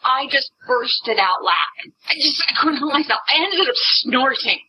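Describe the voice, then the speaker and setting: Podcast co-host, woman, higher voice, laughs as she talks. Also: expressive, moderate pace, dull audio, a little hiss or hum. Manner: laughs through her story. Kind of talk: casual chat, storytelling.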